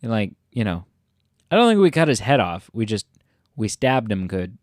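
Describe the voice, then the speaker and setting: A man's voice: on the low side, very animated, moderate pace, darkish tone, dry recording. A man hosting a casual let's-play video, rambling and joking and often breaking off mid-sentence. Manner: rambling, jokey, self-interrupting. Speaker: gaming video host.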